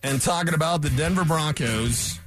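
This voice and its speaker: A man hosting a sports talk radio show, ranting in an animated, opinionated way into a studio microphone. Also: on the high side, moderate pace, over music.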